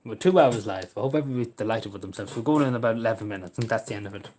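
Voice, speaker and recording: A man's voice: fairly low pitch, rapid-fire, darkish tone. A man with an Irish border accent from Cavan, rambling and swearing as he chats with viewers while hosting a livestream. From Ireland. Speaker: livestream host. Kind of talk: casual livestream chat reading the chat.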